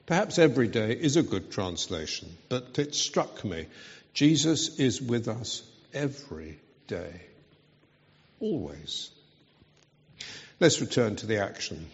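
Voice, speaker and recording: A man's voice: medium pitch, big pitch swings. A man preaching a sermon, speaking earnestly and with emphasis. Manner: slow, earnest, emphatic delivery. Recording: dull, reverberant hall sound.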